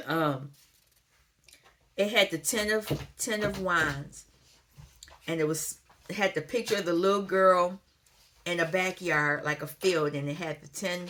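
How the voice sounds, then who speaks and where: Woman, low voice, casual tarot reader at home, chatty and unhurried, faint noise behind. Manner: relaxed, chatty, thinks aloud, reads card text slowly. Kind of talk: casual spoken tarot reading.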